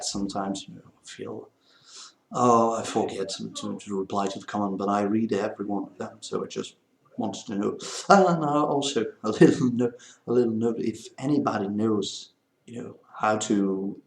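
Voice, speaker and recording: Rambling Belgian man with a gravelly voice. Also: lowish voice, moderate pace, reverberant. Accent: Belgian French. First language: French. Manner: rambling, meandering talk. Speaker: vlogger. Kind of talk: casual vlog chat.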